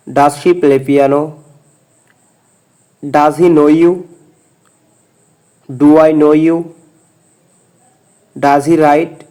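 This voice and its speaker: A man reading short example sentences aloud, slowly and deliberately, one at a time, as an English teacher. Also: a little high, dark tone, low-quality recording.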